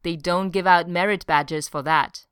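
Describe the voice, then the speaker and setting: An earnest, mild-mannered upright man, read by a woman in a storybook reading. He speaks plainly and firmly, in a smooth, fairly low voice with a dry, close sound. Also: steady tone, measured pace, fairly bright tone, no echo. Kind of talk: audiobook reading.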